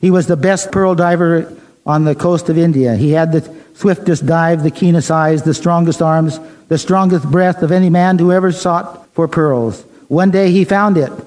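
A man preaching a sermon, telling a story in a measured way and reading the dialogue plainly. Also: on the high side, a little mellow, poor audio.

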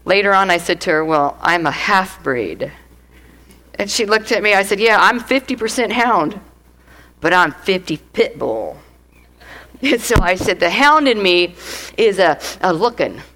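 A middle-aged woman giving a lively church testimony, laughing often and acting out the voices of people in her story. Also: medium pitch, moderate pace, low-quality recording. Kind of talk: testimony sermon.

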